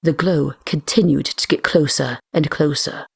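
A woman narrating a first-person fan story in a steady storytelling manner. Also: low voice, normal speed, vocal fry, slightly rough, no room sound, studio quality. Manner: steady storytelling, raising her voice for shouted lines. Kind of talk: first-person fiction reading.

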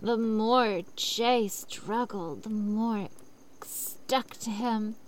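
A woman's voice: fairly high pitch, steady tone, drawn-out words. A young woman reading a story aloud and breaking off into sarcastic, swearing rants about it. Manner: sarcastic, swears freely, rants loudly in bursts. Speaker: online reader and commentator.

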